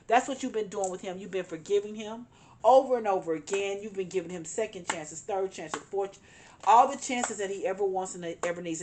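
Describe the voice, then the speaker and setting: A woman's voice: medium pitch, a little mellow, a little hiss or hum. A woman giving a tarot reading, speaking earnestly and emphatically, repeating her points and calling on spirit guides. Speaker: tarot reader.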